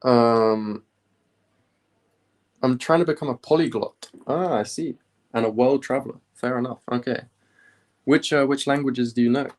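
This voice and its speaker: A young man from the UK chatting casually on a study live stream, rambling with many pauses and fillers. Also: medium pitch. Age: young adult. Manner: relaxed, rambling, many ums.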